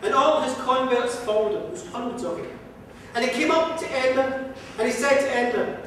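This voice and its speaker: A man spins an old folk tale with a lilting, rhythmic telling. His voice sits high for a man and rings out in a museum hall with a long echo, picked up from far back. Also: a little fast, fairly bright tone, slight background noise. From Ireland. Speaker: storyteller. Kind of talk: live folk storytelling.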